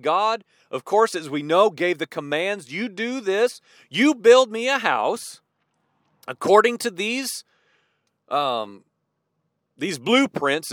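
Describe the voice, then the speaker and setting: Male pastor, middle-aged, high and expressive voice, dry close sound, chatty animated sermon. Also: no room sound. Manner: animated, conversational preaching with asides and acted-out quotes.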